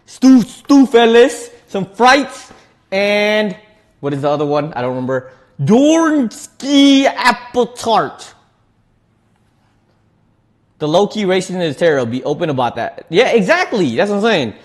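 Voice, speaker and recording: A man's voice: on the high side, big pitch swings, a little fast, fairly bright tone. A man, chatting casually on a cooking livestream, laughing often and restarting his words as he reads chat. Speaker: streamer reading chat.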